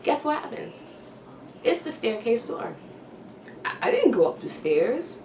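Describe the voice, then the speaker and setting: A woman's voice: a little high, sing-song, a little slow. Woman, storytime vlogger, slangy, sound effects, distant mic, noisy room. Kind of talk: storytime vlog. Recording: roomy, distant, noisy home recording.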